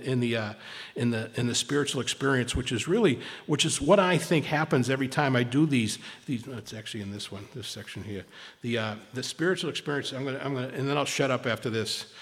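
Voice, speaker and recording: Gravelly man rambling in a reverberant hall. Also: mid-range voice, a bit bright. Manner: rambling, repeats words, self-mocking humor. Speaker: speaker at a recovery meeting. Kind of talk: casual sharing talk.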